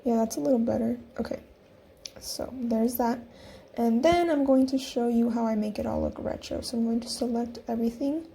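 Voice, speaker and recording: A woman's voice: fairly high pitch, normal speed, gravelly, mellow, breathy edge. A young woman casually narrating a design tutorial, chatty and giggly as she talks through each click. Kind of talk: casual screen-recorded tutorial.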